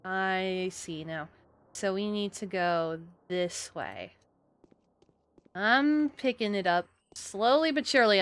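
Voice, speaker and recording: A young adult woman streaming a game live, chatting and muttering to herself with sudden high outbursts. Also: a bit bright, smooth. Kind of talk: live gameplay commentary.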